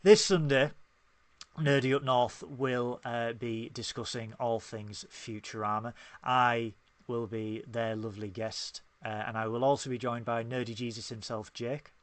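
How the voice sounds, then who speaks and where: A man's voice: mid-range voice, fairly even intonation, measured pace, no room sound. A Northern English man co-hosting a podcast in casual chat. He jokes his way through plugs for links and channels. The sound is close and dry. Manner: jokey, plugging links and channels. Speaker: podcast co-host.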